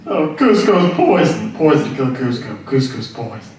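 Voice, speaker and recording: A man voicing a slow, dim-witted male Frankenstein monster puppet, in an echoey room heard from far off. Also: mid-range voice, sing-song, a little mellow. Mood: dopey. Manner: slow, dopey, halting.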